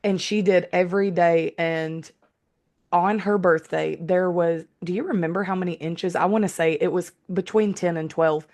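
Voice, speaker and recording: A podcast co-host in casual chat, this woman has a low, gravelly, darkish voice. She speaks at a moderate pace with fairly even intonation.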